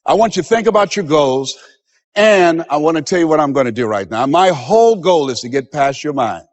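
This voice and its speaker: Male motivational speaker, emphatic preacher cadence with a fairly high, animated pitch, recorded in a reverberant hall. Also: brisk, dull audio. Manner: emphatic, preacher-like delivery that acts out quoted voices. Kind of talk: motivational seminar speech.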